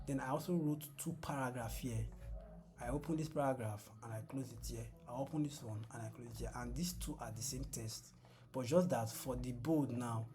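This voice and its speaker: A man giving a screen-share coding lesson, patient and repetitive, often asking the class "what?" and then answering himself. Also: mid-range voice. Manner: asks the class fill-in questions and answers them himself. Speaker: coding tutor. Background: background music.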